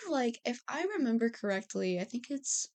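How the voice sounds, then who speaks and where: A woman's voice: fairly high pitch, moderate pace, a little mellow. A woman, a film photographer, talking as a podcast guest in casual chat, chatty with many fillers. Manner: chatty, laughing easily, filler-heavy.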